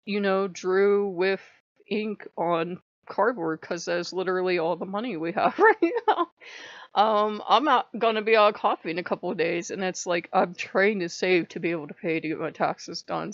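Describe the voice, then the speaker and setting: A woman's voice: medium pitch, moderate pace, creaky, dry recording, dull audio. A woman vlogging in a casual, impassioned way, tearful and crying on and off, often apologizing as her voice breaks. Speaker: vlogger on her own faith channel. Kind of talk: casual emotional vlog talk.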